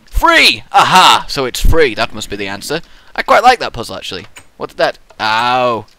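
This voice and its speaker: A young man hosting a gaming video, talking in an excitable, rambling way and acting out the player's thoughts in silly voices. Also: medium pitch, brisk, no echo. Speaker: gaming channel host. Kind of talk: Let's Play commentary.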